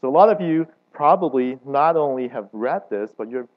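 A man gives a relaxed, story-driven sermon, often pausing to put questions to the audience. His voice sits at an average pitch, with lively rises and drops for emphasis. The recording sounds a little dull and lo-fi. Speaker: preacher.

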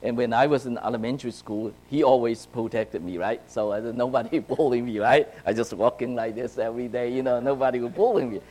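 Man from China, youth sermon, animated storyteller, hushed then loud, asks "right?" often. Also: medium pitch, brisk, hardly any pauses, low-quality recording. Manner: checks in with "right?" and "okay?". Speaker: youth speaker. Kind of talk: sermon to young people.

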